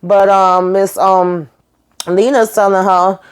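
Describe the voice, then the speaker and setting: A woman's voice: mid-range voice, steady tone, slow, clean tone. Chatty sassy woman recapping a show. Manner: chatty and sassy, addresses viewers as girl and honey. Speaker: show reviewer recapping an episode. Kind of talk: casual recap chat.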